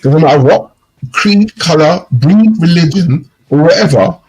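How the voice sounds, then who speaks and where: A man's voice: fairly high pitch, animated, measured pace, darkish tone, slightly rough, low-quality recording. A man co-hosting a podcast in casual chat, telling stories animatedly and mimicking slang phrases. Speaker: podcast co-host.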